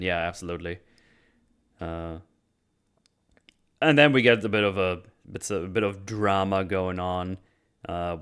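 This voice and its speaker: A man with a low, smooth, resonant voice retells a movie scene by scene in a relaxed podcast chat. His telling is loose and sweary, and he breaks into laughter often. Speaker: podcast host. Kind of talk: casual film recap chat.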